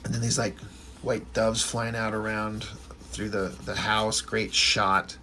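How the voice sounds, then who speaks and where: A man's voice: on the low side, flat delivery, slow pace, pushed and bright, slight background noise. Man rambling about a comic he loves. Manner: enthusiastic, rambling, with frequent fillers. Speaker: comic book reviewer. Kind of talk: casual comic book review.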